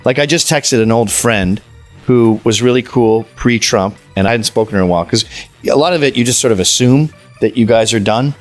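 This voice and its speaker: A man's voice: medium pitch, a little fast, soft background music. A man from Canada, a podcast guest telling blunt, provocative stories in casual interview chat. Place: suburban home.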